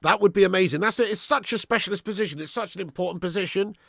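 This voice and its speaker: A young man hosting a live football watch-along, chatting and thanking viewers by name, with sudden bursts of excitement when chances come. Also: high voice, very fast, vocal fry, no echo, studio quality.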